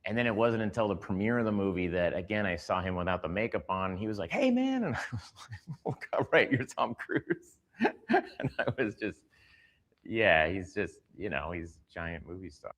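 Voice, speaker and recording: A man telling a story from a film set in an interview clip, slipping into quick impressions of the people in it. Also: low-pitched, a bit bright.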